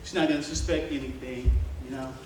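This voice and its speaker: A man telling a joking, animated story to a live audience, talking straight to the crowd, with a relaxed sound. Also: mid-range voice, brisk, distant mic. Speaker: motivational speaker. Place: large room with an audience. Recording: echoey room from afar with crowd noise.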